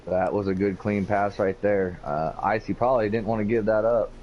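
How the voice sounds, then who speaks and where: A man's voice: fairly low pitch, steady tone, normal speed. Man co-commentating over a dull mic. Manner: casual, hesitant, many fillers. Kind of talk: sim racing commentary. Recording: dull lo-fi mic with faint hiss.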